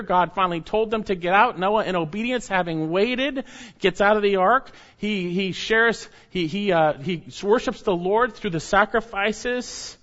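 A man preaching an expository sermon, emphatic, often restating his phrases and swinging between loud and soft. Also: sits high, muffled recording. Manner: emphatic, restates phrases, rises and drops in loudness. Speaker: pastor.

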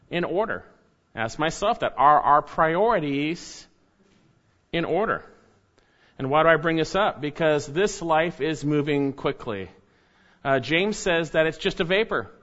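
A man delivers a sermon in a voice pitched somewhat high for a man, earnest and measured. He leans into key phrases as he teaches. The recording is dull and lo-fi. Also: fairly bright tone. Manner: earnest preaching, reads scripture aloud with rising emphasis. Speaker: pastor.

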